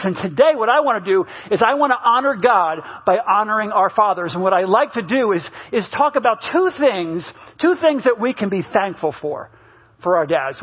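A man's voice: sits high, slightly rough, highs cut off. A middle-aged man preaching a sermon as a pastor, telling funny family stories and acting out his relatives' voices. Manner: animated, mimics family members in stories. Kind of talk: humorous sermon storytelling.

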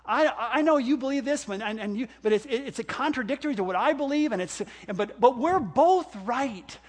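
High-voiced older man preaching a sermon. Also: fast. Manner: animated, acts out exclamations and quoted voices. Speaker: pastor.

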